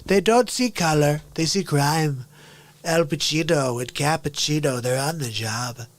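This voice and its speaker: A man doing a comedic impression of a gruff, drawling tough-guy movie star. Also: on the high side, a little slow, no echo, lightly acted. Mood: blustery.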